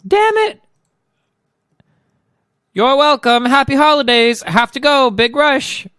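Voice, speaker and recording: A man putting on the voice of a chirpy young English heroine in a hurry, straining for a high falsetto English accent. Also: big pitch swings, slow pace, bright, forceful tone, no echo, clean studio sound, full character voice. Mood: hurried.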